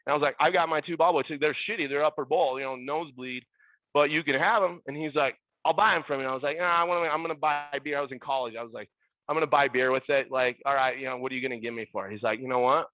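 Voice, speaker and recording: Very fast and mid-range, the voice belongs to a middle-aged former ballboy guesting on a podcast. He tells animated stories and acts out others' lines in raised voices, heard over a tinny, phone-like line without echo.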